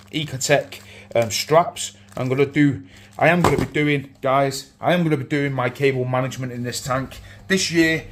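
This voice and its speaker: A man of middle pitch, his voice a little worn as though he has lost it. He chats casually to his viewers indoors at home, rambling and restarting, full of enthusiasm about how fantastic and massive everything is. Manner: rambling, with frequent restarts and repeated words; enthusiastic, keeps saying things are fantastic and massive. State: slightly lost voice. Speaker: aquarium hobby vlogger. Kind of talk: casual unboxing chat to camera. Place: indoors at home beside a large aquarium.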